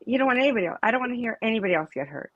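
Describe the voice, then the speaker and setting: A woman's voice: fairly high pitch, lively intonation, racing, fairly bright tone, no room sound, muffled recording. Emphatic middle-aged woman, dry close sound. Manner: emphatic, storytelling, with many restarts. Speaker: interview guest, mother of a student. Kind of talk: casual interview conversation.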